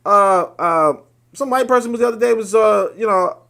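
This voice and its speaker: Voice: mid-range voice, moderate pace, creaky, fairly bright tone. A commentator reacting to a played clip in a blunt, profane and sarcastic way.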